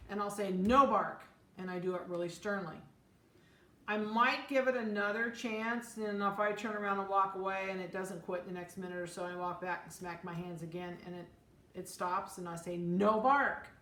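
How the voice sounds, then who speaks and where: A woman's voice: mid-range voice, steady tone, brisk, a bit bright. A middle-aged woman dog breeder giving firm, direct puppy-training advice in an informal talk, repeating her key rules. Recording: echoey room with faint ambient noise.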